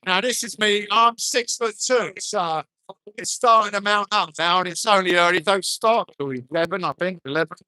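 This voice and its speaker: A man's voice: high-pitched, normal speed, pushed and bright, dry recording. Chatty older man streaming outdoors by phone. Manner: chatty, blunt, jokey. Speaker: livestreamer at a march. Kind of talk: casual live-stream chat. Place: outdoors at a crowded street march. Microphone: handheld phone.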